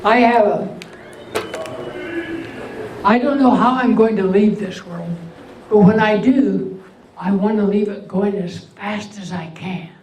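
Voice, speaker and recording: An older man with an unusually high voice doing a stand-up comedy set, delivering deadpan one-liners with pauses before each punchline. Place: veterans' hall event room. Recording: echoey hall, mic far off, faint hum.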